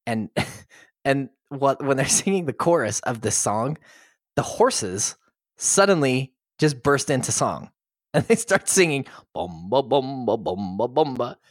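A man's voice: mid-range voice, expressive, slow, no room sound, clean studio sound. A man co-hosting a podcast who casually retells a movie plot and often chuckles as he goes. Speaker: podcast co-host. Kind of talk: casual film recap.

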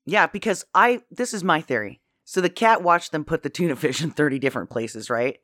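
Playful co-host with a lively, up-and-down voice, theorizing in a casual recap, recorded dry. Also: medium pitch, a little fast, dry recording. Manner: playful, argumentative. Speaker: podcast co-host. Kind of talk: casual movie recap chat.

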